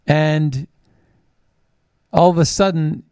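A man's voice: fairly high pitch, steady tone, slow pace, a little mellow, smooth, no echo, studio quality. A man hosting a political commentary show, reading news items and reacting in a blunt, scornful, combative way. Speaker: host.

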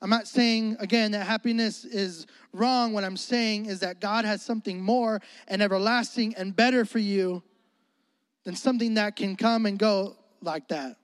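A young man preaching a sermon as pastor, animated and joking, calling for responses from the congregation. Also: sits high, normal speed, no echo, big-room sound.

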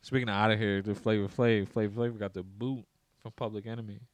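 A man's voice: on the low side, flat delivery, fairly quick, dry recording. A man co-hosting a casual podcast, trading laid-back, profane banter and laughing often. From New York. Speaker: podcast co-host. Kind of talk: casual chat.

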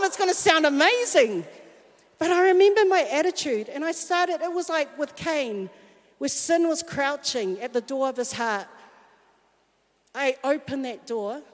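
A woman telling a candid, self-mocking personal story in a sermon. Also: high voice. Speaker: speaker at a church talk. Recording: long hall reverb.

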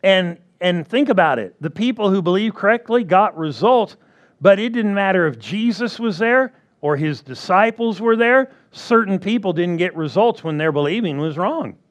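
A man's voice: high-pitched, animated, moderate pace. A man preaching a sermon who repeats his key phrases and keeps asking the congregation for agreement.

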